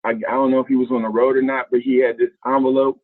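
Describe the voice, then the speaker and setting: A man from Ohio, a former basketball player, telling stories as a guest in a casual, colloquial way, acting out quotes with big jumps in pitch. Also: level tone, fast talker, no echo. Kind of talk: casual storytelling. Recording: tinny phone-line sound.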